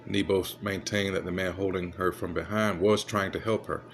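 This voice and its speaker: Deep-voiced man reading news with asides. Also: steady tone, a little hiss or hum. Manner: halting, fumbles with his device and mutters asides. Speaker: commentator reading news aloud. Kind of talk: casual commentary while reading articles aloud.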